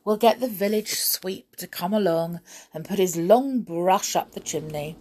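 A woman voicing an excitable, eager young male companion in a children's storybook, speaking in bright, eager exclamations. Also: lowish voice, a little slow.

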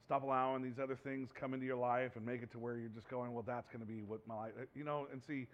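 A man's voice: medium pitch, steady tone, fast. Impassioned male pastor preaching, lo-fi. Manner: impassioned, swings from hushed to loud. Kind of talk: sermon.

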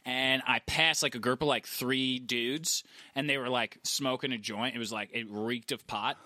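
Bright-voiced young man chatting. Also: mid-range voice, steady tone, normal speed, dry recording, clean studio sound. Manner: storytelling, swearing, laughing. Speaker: podcast co-host. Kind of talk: casual chat.

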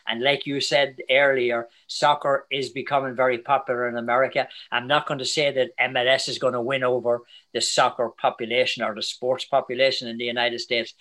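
Older Irish male guest, bright, chatty storyteller, anecdotes. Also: mid-range voice. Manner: chatty storyteller, animated, quick asides. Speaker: guest soccer commentator. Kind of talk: casual interview chat.

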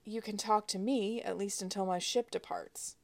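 A woman's voice: medium pitch, fairly even intonation, moderate pace, vocal fry, natural voice. Storybook commander: man, cool, polite, unreadable, voiced by a woman. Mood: coolly polite. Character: calm, blank-faced male fleet commander.

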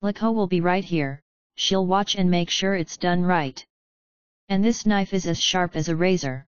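A woman's voice: lowish voice, a little slow, no echo, lightly acted. A woman voicing a hungry young female hag who bargains and pleads, with a wheedling manner. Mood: coaxing. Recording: slightly dull, dry studio sound.

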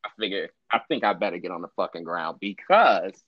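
Casual male co-host, low voice, swears, acts out quotes; dry, slightly dull podcast sound. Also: brisk, no room sound. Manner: profane, animated storyteller acting out quotes. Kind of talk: casual storytelling chat.

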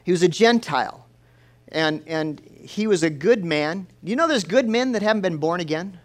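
Folksy preacher man, slightly high voice. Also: normal speed. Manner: folksy storytelling, lively. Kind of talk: sermon.

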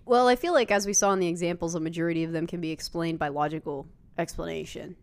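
A young woman co-hosting a podcast, telling stories in an animated, profane, laughing way. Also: fairly low pitch, fast, clean tone. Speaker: podcast co-host. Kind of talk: casual storytelling chat.

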